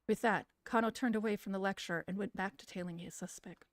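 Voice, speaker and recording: A woman reading a visual novel aloud in a soft, soothing voice, with casual, swearing asides. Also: mid-range voice, steady tone, fast, no room sound, studio quality. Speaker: streamer reading a game aloud.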